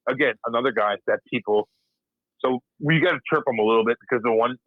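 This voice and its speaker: Fast and mid-range, this voice comes through narrow, tinny audio without room sound. The speaker, an ex-hockey enforcer, guests on a profane, casual chat, speaking bluntly, laughing often, and mimicking old conversations.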